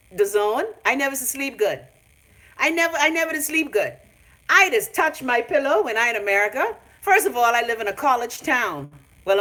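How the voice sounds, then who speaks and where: A woman's voice: fairly high pitch, bright, forceful tone. A Bahamian woman ranting on a phone live stream from her home, brash, profane and mocking. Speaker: vlogger.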